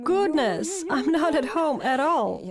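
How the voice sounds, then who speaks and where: A woman's voice: high voice, sing-song, takes it slowly, crowd noise. A young woman cadet at a paratrooper school, telling her story in an earnest, reflective dubbed voice-over.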